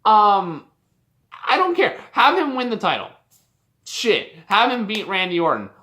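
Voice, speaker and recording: A young adult vlogger from Canada rants in a loose, unscripted way, swearing freely and sounding exasperated. The voice is bright and forward, at a middling pitch. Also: wildly swooping pitch, unhurried. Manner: heated, profane, exasperated ranting. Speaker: wrestling commentary vlogger. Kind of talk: casual opinion rant.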